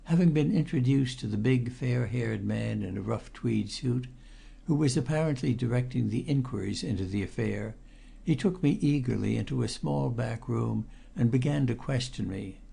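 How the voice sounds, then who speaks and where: Gravelly male audiobook narrator. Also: medium pitch, dark tone. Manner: measured, grave storytelling. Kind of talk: scripted first-person narration.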